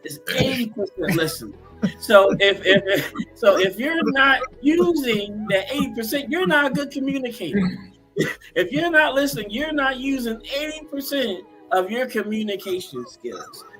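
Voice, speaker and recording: A man's voice: very high-pitched, sing-song, moderate pace, bright, forceful tone, soft background music, poor audio. A man, a pastor, making earnest, preachy points on a talk show and repeating them. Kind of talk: casual panel discussion.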